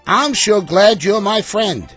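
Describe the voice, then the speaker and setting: A man's voice: high voice, expressive, takes it slowly, slightly rough, soft background music, full character voice. A man doing a shy, polite little caterpillar. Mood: gentle. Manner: soft, polite.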